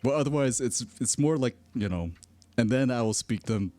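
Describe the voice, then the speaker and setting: A man's voice: medium pitch, animated, moderate pace, dark tone, no room sound. A man streaming in casual chat, telling rambling stories and laughing often. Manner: rambling, self-correcting storyteller.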